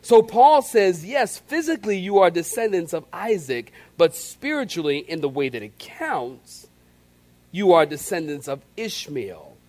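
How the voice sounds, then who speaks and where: High-voiced preaching man. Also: measured pace. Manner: animated preaching, acts out scenes with call-and-response. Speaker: pastor. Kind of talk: sermon.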